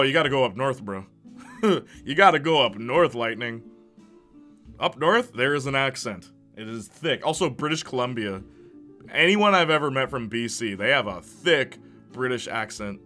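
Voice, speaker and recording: A man streaming casually, reading chat messages aloud and reacting with quick laughs. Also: medium pitch, sharp tone.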